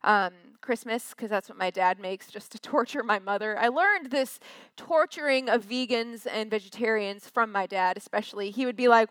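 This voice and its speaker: A woman's voice: on the high side, moderate pace, a bit bright, clean tone, no room sound. A young woman from Westchester, chatty and self-deprecating with many fillers, telling a personal story on stage.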